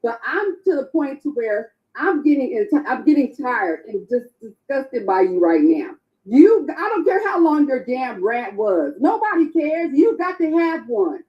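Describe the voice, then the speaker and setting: A woman with a high voice lectures a fellow panelist in a heated online podcast argument, scolding and repeating her points for emphasis. The sound is dull and lo-fi, like call audio. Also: big pitch swings, measured pace, few pauses.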